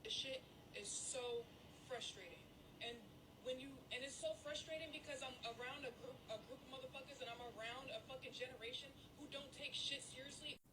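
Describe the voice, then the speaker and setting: A woman's voice: high-pitched, fairly quick. Furious ranting woman, distant and noisy. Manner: furious, profane, voice breaking. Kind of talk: angry social media rant. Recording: distant with loud background noise.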